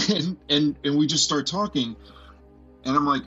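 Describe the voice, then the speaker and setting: A man in his forties telling a personal story as a podcast guest, earnest and halting, often restarting and filling with "like". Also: a little high, lively intonation, pushed and bright, highs cut off, soft background music. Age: 40s.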